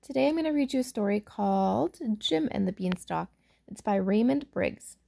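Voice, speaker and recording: A woman's voice: mid-range voice, animated, normal speed, gravelly. Woman reading a children's story aloud. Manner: warm, explaining asides to young listeners.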